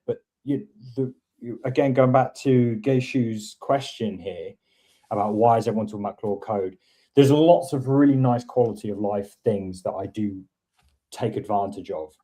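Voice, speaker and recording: A man's voice: medium pitch, dark tone. A man hosting a casual coding chat, thinking aloud and rambling with many restarts. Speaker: host teaching coding. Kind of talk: casual screen-share chat.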